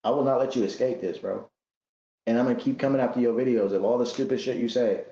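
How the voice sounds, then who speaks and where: A man giving a casual religious commentary monologue, animated and talking in rough slang, often repeating words as he goes. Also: mid-range voice, quick pace, roomy sound, dull audio.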